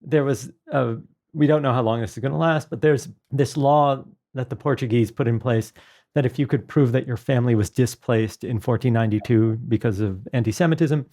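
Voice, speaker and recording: A man's voice: mid-range voice, brisk, warm tone. Throaty, self-deprecating male guest. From New York. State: throaty, hoarse voice. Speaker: podcast guest. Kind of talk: casual interview chat.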